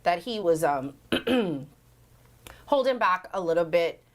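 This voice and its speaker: A woman hosting a live call-in show, chatty and quick to laugh. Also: lowish voice, expressive. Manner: chatty, laughs easily, greets callers brightly. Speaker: radio call-in host.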